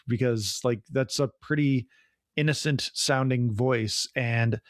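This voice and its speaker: A man's voice: medium pitch, a little slow, no room sound, clean studio sound. Chatty man rambling about films. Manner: rambling, enthusiastic, many "like"s. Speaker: podcast co-host. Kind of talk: casual film review chat.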